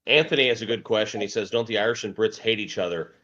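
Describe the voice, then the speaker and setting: A man tells stories in a loose, halting way, often restarting his sentences. His voice is bright and forward at a middle pitch, and the recording sounds dull and lo-fi. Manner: storytelling, halting restarts, laughs. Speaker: host. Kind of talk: casual group chat. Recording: muffled lo-fi sound.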